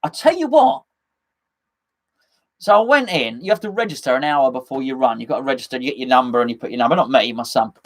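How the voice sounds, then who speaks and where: A man's voice: medium pitch, racing, few pauses. Chatty man hosting a fan stream. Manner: rambling, jokey, chatty with many fillers and restarts. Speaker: host of a fan live chat. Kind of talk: casual live-stream chat reading comments.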